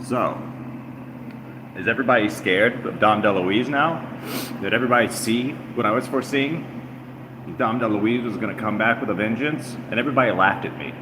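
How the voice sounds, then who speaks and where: A man's voice: fairly low pitch, moderate pace. A man streaming live from his apartment, rambling in casual chatter and teasing his chat. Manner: rambling, teasing, mock-taunting. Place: apartment room. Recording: echoey room with air-conditioner hum.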